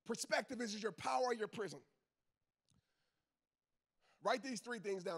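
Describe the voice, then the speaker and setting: A man's voice: sits high, unhurried, a bit bright, slightly rough. A man giving a motivational talk to a crowd, emphatic and preachy, repeating his key lines in casual slang. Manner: casual Southern slang, talks straight to the crowd. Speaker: motivational speaker; football coach, father. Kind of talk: motivational speech to a live audience.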